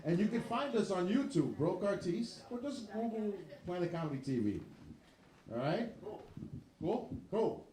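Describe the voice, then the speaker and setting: A man's voice: high voice, big pitch swings, unhurried, dark tone, reverberant. A man hosting a comedy show in a bar, loosely signing off with repeated "all right" and "cool.". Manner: loose, repetitive sign-off talk. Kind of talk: stand-up show closing. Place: bar stage before a live audience.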